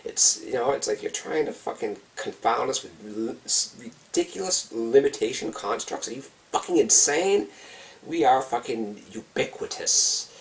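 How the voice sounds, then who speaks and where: A man's voice: medium pitch, lively intonation, normal speed, recorded from a distance, lightly acted. A man voicing the mushroom spirits as all-knowing, scornful beings that swear and mock in disbelief. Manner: mocking, incredulous, profane.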